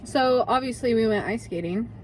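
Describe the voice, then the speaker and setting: Young woman vlogger, high voice, chatty profane storytime delivery, lots of filler "like". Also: normal speed, slight background noise. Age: young adult. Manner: chatty, profane, animated, heavy use of like. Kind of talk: casual storytime vlog.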